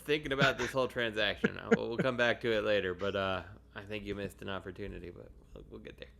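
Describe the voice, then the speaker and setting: A man's voice: on the low side, fairly even intonation, quick pace, gravelly, a bit bright. A man co-hosting a podcast, laid-back, making wry asides. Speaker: podcast co-host. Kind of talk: casual chat.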